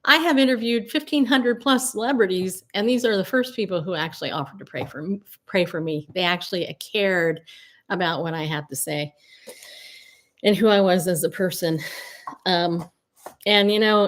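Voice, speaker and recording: Middle-aged female host, slightly low voice, chatty and outspoken, livestream storyteller who laughs easily. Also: moderate pace. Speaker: Christian media host and coach. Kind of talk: casual solo livestream talk.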